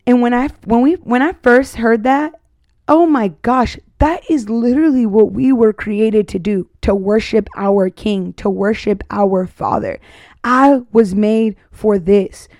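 A young woman in her twenties speaks her testimony in a loose, heartfelt ramble, full of fillers. Her voice is mellow and relaxed, and the recording is close and dry. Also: a little high, measured pace, no room sound. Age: 20s. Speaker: podcast host. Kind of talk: casual faith testimony.

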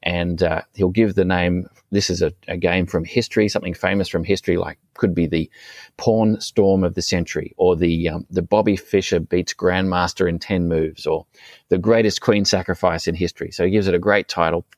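Very deep-voiced man in casual chat. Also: fairly even intonation, fairly quick, darkish tone, dry recording. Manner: thoughtful, rambling with many ums and uhs. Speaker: podcast co-host.

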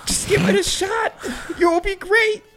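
A man's voice: very high voice, steady tone, unhurried. A man directing an improv comedy scene, upbeat and coaxing.

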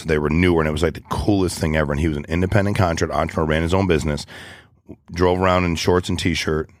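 A man's voice: deep voice, no echo, clean studio sound. A man in his forties talking casually in an interview, rambling and blunt, full of slang like "dude" and "ain't". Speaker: guest, business owner.

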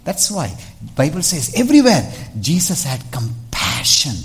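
Male pastor, mid-pitched, lively preaching to a congregation. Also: brisk, a little hiss or hum. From India. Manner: animated, calls out "Hello?" to the congregation, dramatic shifts in loudness. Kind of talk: sermon. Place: church.

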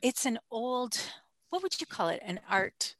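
A woman conducts an interview with an eager, enthusiastic manner and ready laughter. Her voice is bright and forward. The recording is dry, with no room sound around her. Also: a little high, big pitch swings, measured pace, dry recording.

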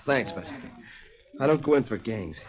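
An actor playing an earnest, steady fourteen-year-old boy in a 1940s radio drama. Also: medium pitch, moderate pace, highs cut off, crowd noise, close to an everyday voice. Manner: earnest, calm and firm.

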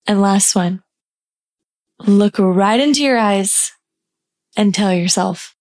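A woman hosting a self-care podcast, guiding listeners through affirmations in a warm, encouraging, casual way. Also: mid-range voice. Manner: slow deliberate pacing on repeated affirmations. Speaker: podcast host.

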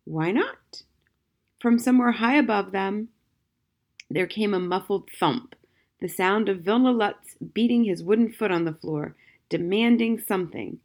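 Woman narrating a storybook calmly. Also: mid-range voice, normal speed. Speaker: audiobook narrator. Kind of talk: scripted narration.

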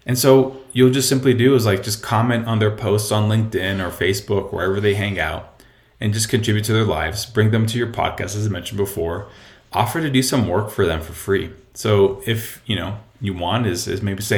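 Male podcast host, casual and rambling, fairly low voice, recorded at home in an echoey room. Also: moderate pace. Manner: rambling, conversational, many fillers and restarts. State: a bit out of breath. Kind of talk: casual solo podcast talk.

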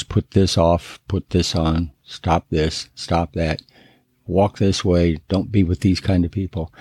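A man's voice: low-pitched, warm tone, slightly rough, dry recording, studio quality. A man, a biblical counselor, giving an earnest, emphatic teaching talk that stresses and repeats key words. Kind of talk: teaching sermon.

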